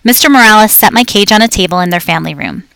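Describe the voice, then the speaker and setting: A woman narrating a children's story aloud in a clear, lively storytelling manner. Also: medium pitch, quick pace, no echo. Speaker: audiobook reader.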